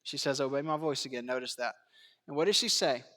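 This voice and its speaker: Animated man preaching in a reverberant church. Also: medium pitch, fairly quick. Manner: animated, swings between hushed asides and raised emphatic lines; acts out biblical quotes in character voices. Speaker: pastor. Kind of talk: sermon. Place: church sanctuary.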